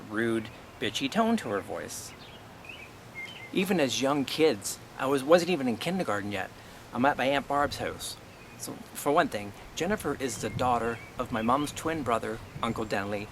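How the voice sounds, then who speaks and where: A man's voice: medium pitch, noisy background. Blunt, aggrieved middle-aged man venting. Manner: blunt, aggrieved, swears often, rhetorical questions. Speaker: vlogger. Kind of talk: personal storytelling monologue.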